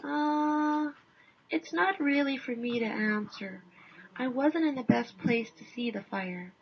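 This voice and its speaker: A man's voice: extremely high pitch, vocal fry, slightly rough, exaggerated voice. A woman voicing a modest Canadian man who hedges and halts while describing a hotel fire. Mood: hesitant. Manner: hedging, halting, understated. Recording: dull lo-fi recording.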